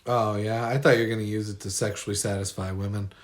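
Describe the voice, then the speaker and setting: A man's voice: fairly low pitch, level tone, fast. Laughing, foul-mouthed guy. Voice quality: swears constantly, loose and laughing. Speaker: podcast co-host. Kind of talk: casual crude chat. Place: garage.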